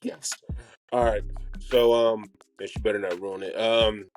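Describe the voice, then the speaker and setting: A man's voice: lowish voice, level tone, unhurried, soft background music. A man co-hosting a football podcast, talking casually and animatedly, swearing often and laughing between points. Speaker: podcast co-host. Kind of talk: casual sports chat.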